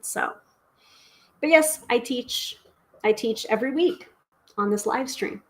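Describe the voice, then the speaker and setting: A middle-aged woman chats through a live stream, voice sitting at an ordinary middle pitch. She bubbles with enthusiasm, jumping between thoughts with fillers and restarts. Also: vocal fry, low-quality recording. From United States. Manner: chatty and exuberant, with many fillers and restarts. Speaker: tarot reader and live stream host. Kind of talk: casual live stream chat.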